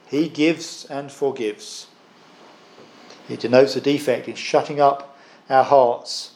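A man preaching a sermon in an earnest, explanatory way, often pausing with fillers and restarts. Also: medium pitch.

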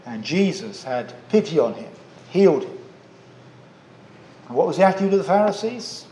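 A man preaching a sermon in a measured, earnest way, pausing often with "uh" fillers. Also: fairly high pitch, big pitch swings, dark tone, roomy sound.

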